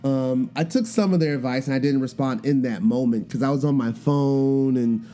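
Podcast host, male, relaxed warm tone, animated retelling over faint guitar music. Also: medium pitch, normal speed. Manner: animated storytelling, acting out quoted voices. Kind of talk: casual monologue.

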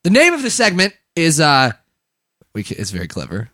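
A man's voice: on the high side, huge pitch swings, fairly quick, fairly bright tone, no echo. A man co-hosting a comedy podcast, joking crudely and laughing often in casual banter. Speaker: podcast co-host.

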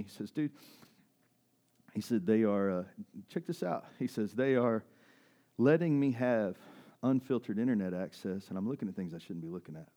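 A male pastor recounts a personal story from the pulpit, his voice jumping up in excited bursts before falling to soft, emotional asides. Now and then he is almost crying.

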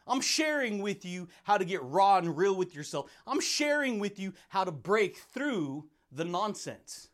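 Young adult male motivational podcaster with a high voice, intense and brash, peppered with laughs and slangy asides. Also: sing-song, takes it slowly, a bit bright. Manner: intense and brash, laughs often, says dude and buddy. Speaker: podcast host. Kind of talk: motivational monologue.

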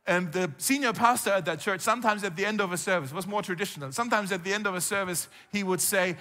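A man with a high, bright voice preaching a conversational sermon. He talks to the congregation with rhetorical questions and lively emphasis. The sound carries a long reverb from a church hall. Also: fast. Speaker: pastor.

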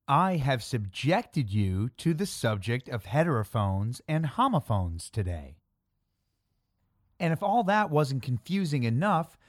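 A man's voice: medium pitch, no echo, clean studio sound. A man giving a scripted narration that explains English words, playful and pun-filled, spelling words out letter by letter. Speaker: language explainer.

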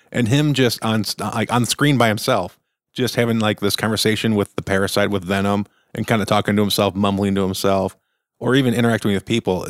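A man talking through a casual film review in a lowish voice, chatty and full of opinions. He sounds keen and conversational, and the recording is close and dry with no room sound. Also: no room sound. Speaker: podcast host.

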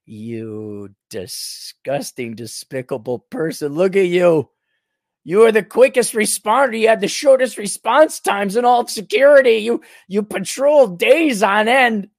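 A man's voice: sits high, lively intonation, a little slow, no room sound, clean studio sound, voice pushed up. A man voicing his own scornful inner critic, sneering and scolding.

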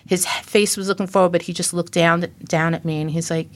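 Low-voiced woman telling her story. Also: steady tone, no echo. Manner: earnest, halting, with frequent restarts. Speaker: podcast guest, author. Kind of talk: personal storytelling in conversation.

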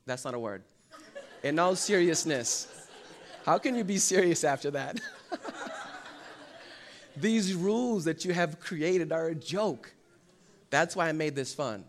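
A young male pastor gives a lively, joking sermon and acts out every quote he tells. His voice sits high and sounds bright and forceful. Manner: animated storytelling, acts out quotes and jokes. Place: church hall.

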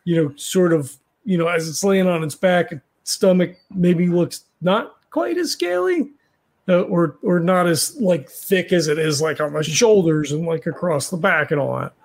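A man's voice: sits high, lively intonation, moderate pace. A man running a tabletop horror game as game master, rambling with many fillers and restarts.

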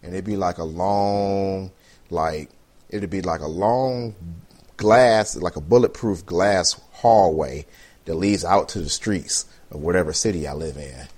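A man's voice: low-pitched, unhurried, a little mellow. A man co-hosting a casual comedy chat, boasting playfully and riffing. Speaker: podcast co-host.

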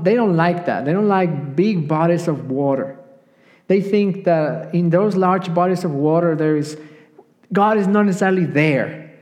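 A man with a notably high voice delivers a sermon in a church. He tells the Bible story in an animated, storytelling way and briefly acts out the quoted lines. His words trail off into a long, echoing hall reverb. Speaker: preacher. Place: church sanctuary.

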